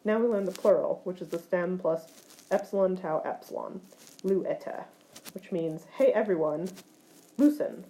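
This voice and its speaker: A woman's voice: on the low side, steady tone, normal speed, mellow, rough recording. A woman teaching ancient Greek grammar in a recorded lecture, explaining forms step by step, with occasional fillers.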